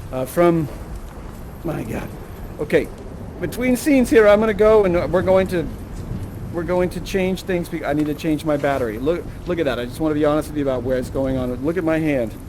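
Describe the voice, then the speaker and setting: A man with a high, bright voice leads an audience through an interactive theatre show in virtual reality. He is chatty and animated, tagging his sentences with quick okays and rights. He speaks into a headset mic. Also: background noise. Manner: chatty, animated, tags lines with okay and right.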